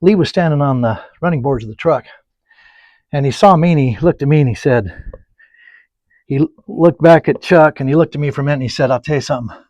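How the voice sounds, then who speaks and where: A man teaching oil painting, rambling through folksy anecdotes and muttering softly to himself while he paints. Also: on the high side, a little fast, long pauses, no room sound, highs cut off. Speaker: painting instructor. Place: painting studio.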